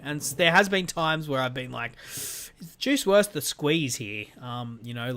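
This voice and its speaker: A man's voice: mid-range voice, bright, forceful tone. A man hosting his own podcast from a room at home, chatting loosely with lots of fillers. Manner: chatty, rambling with fillers and restarts. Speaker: podcast host. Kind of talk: casual solo podcast sign-off. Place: home room with weights and a guitar.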